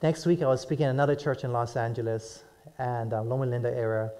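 A man's voice: medium pitch, fairly even intonation, quick pace, dark tone. A middle-aged male pastor preaching to a live congregation, telling stories animatedly and asking "right?" and "amen?" often. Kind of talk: sermon.

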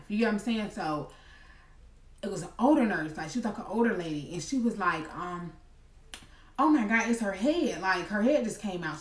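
A young woman telling a storytime vlog in an animated, chatty way. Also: lowish voice. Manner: chatty, animated, addresses viewers as y'all. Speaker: vlogger. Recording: echoey room, mic at a distance.

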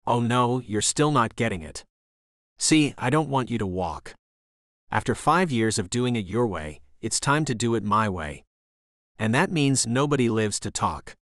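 A man's voice: medium pitch, lively intonation, unhurried, a bit bright, dry recording, studio quality. A man doing a grave, ruthless mafia boss. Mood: grave menace. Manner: grave, menacing. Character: cold ruthless male mafia brother turned killer.

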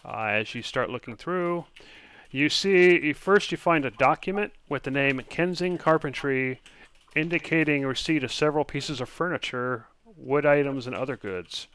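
A man's voice: on the high side, moderate pace, fairly bright tone, clean tone. A man narrating a tabletop game as game master, hesitant and full of fillers, over online voice chat.

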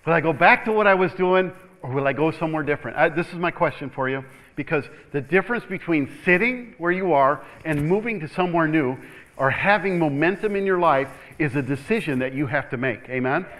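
In a rough recording, a male pastor with a slightly high voice preaches briskly to a church. He calls "Amen?" out to the room repeatedly, chuckles, and builds momentum by repeating words, all in an animated style.

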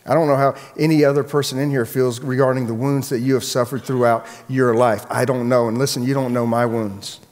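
An earnest pastor talks through a sermon, repeating and restarting phrases and sinking to a hush on key points. His voice sits at an ordinary man's pitch. A long reverb from a large hall follows him. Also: steady tone, a little fast, hardly any pauses.

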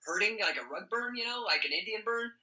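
Profane, animated man in a roomy room. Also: sits high, a little fast, slight background noise. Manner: profane, animated, laughs often. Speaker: podcast guest. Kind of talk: casual storytelling. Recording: roomy echo.

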